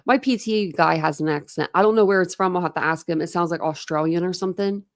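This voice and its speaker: Speaking fast in a voice on the low side, an American woman runs a casual true crime livestream from her home room. She talks loosely with her audience, drifting from topic to topic with laughter and filler words, recorded through a desk camera setup.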